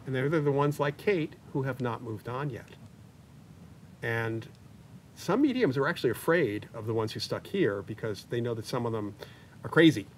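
A man in his sixties speaks as an interview guest, rambling through anecdotes and dropping jokes along the way. He sounds set back from a distant mic, with a faint low rumble underneath. His pitch sits at an ordinary middle height. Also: animated, moderate pace. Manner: chatty, anecdotal, joking asides. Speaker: paranormal investigator guest. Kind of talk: interview conversation. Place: community media studio.

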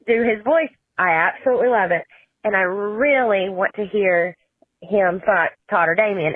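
A woman's voice: mid-range voice, breathy edge, no room sound. A woman leaving a gushing, giggly voicemail. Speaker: caller. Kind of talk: voicemail message. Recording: tinny phone line.

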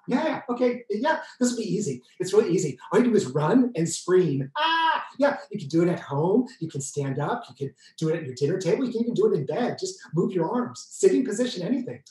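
A man telling a comic solo story, exuberant and pulling the audience in, with sudden high yelps. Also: a little mellow, echoey room, low-quality recording. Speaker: solo performer.

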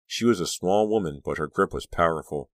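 A man with a low voice narrates an audiobook in an expressive, measured storytelling style. The studio-quality recording has no echo.

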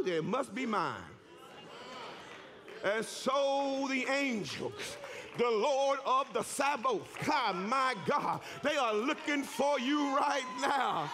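A man preaching a sermon in a church, fervent and shouting with emphatic repetition. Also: extremely high pitch. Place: church sanctuary.

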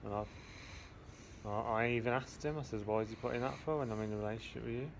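An English man vents to camera while he waits for a train, circling back over the same grievance again and again. His voice is mid-pitched. Station noise and passing trains run clearly behind him. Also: fast talker. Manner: aggrieved, repetitive storytelling. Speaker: vlogger. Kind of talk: casual venting to camera. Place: outdoor railway station platform. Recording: noisy station ambience.

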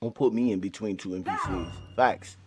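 A man commentating live gameplay on his channel, full of slangy trash talk, swinging from low mutters to excited yelling. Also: normal speed, faint music behind. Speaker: gaming channel host.

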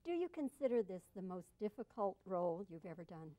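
A woman interviewing an actor, asking direct questions briskly and laughing easily at his answers. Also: mid-range voice, sing-song, mellow, dry recording. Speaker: entertainment interviewer.

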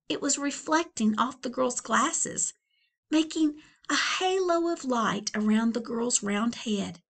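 A woman librarian reads a children's novel aloud to young students, taking her time. Her voice moves up and down expressively, keeping the story lively at a slow, clear pace. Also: a little high. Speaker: school librarian. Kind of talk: children's book read-aloud.

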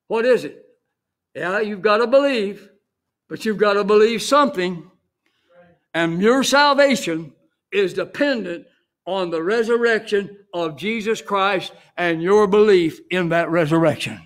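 Emphatic high-pitched male pastor. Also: expressive, measured pace, fairly bright tone. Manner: emphatic preaching with rising exclamations and repeated "Amen". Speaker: senior pastor. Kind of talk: sermon.

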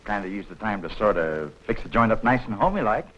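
An actor playing a shifty, leering landlord in a 1940s film, talking slangy and hesitant with little chuckles. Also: male voice, fairly low pitch, very animated, fast talker, a bit bright. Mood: sly. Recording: dull old film soundtrack, faint hiss.

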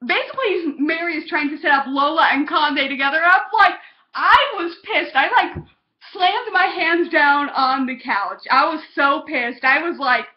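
A young woman vlogging a heated, exasperated TV episode review, cursing when she gets passionate. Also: sits high. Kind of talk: casual ranting review. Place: home, on a couch. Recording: dull lo-fi home recording.

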